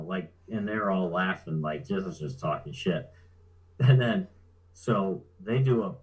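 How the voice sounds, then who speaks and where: Guest, male, low voice, easygoing storyteller, salty language, chuckles along. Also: slow, poor audio. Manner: laid-back, profane, chuckles while telling. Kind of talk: casual storytelling.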